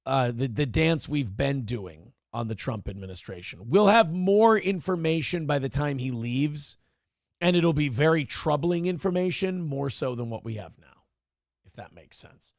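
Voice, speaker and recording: A man's voice: mid-range voice, animated, moderate pace, vocal fry, dry recording, clean studio sound. A man hosting a morning show, riffing on the news in an irreverent, profane way. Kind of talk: comedic news talk.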